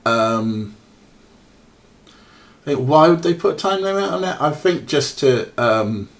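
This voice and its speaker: His voice sits on the high side here, expressive and unhurried, as he streams a point-and-click game. The commentary is casual and meandering, full of fillers, with remarks to viewers and his cats.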